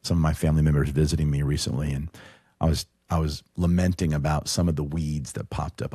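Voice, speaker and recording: A middle-aged man, a podcast guest, tells an emotional personal story in conversation, earnest and halting, often restarting his sentences. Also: very deep voice, flat delivery, warm tone, breathy edge, no echo, clean studio sound. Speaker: podcast guest, show producer.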